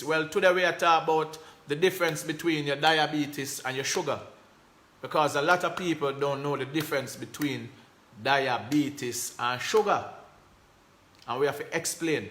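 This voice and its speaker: A man with a thick Jamaican accent talks straight to his viewers, repeating and stressing his points in a casual, animated way. His voice sits a little high and rings bright and forceful. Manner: animated, repetitive, emphatic, Jamaican patois phrasing. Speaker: host. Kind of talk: casual live-stream talk reading comments.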